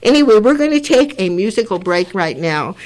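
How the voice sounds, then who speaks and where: A woman's voice: medium pitch, big pitch swings, a little fast, darkish tone. An older woman hosts a community radio talk show. She speaks earnestly and rambles a little, often repeating herself as she gathers her thoughts. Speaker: radio host.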